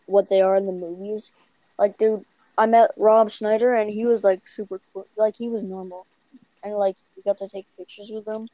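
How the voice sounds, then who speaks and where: A woman's voice: mid-range voice, dark tone, dull audio. A young woman with a Canadian accent, chatting casually and rambling, filling her talk with "like" and "bro.". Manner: rambling, heavy use of "like" and "bro". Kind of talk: casual chat.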